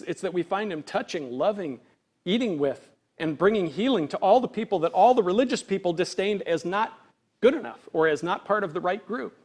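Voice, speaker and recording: A male pastor delivers an earnest sermon in a fairly high voice. He talks to the congregation conversationally, leaning on rhetorical questions. When he acts out quoted voices, he swings from loud declarations to near-hushed lines.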